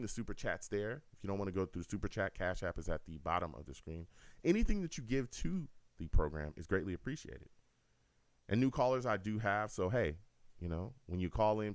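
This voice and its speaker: Animated man hosting a sports call-in. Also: fairly low pitch, no room sound. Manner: animated, emphatic. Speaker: host. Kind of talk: live call-in sports talk stream.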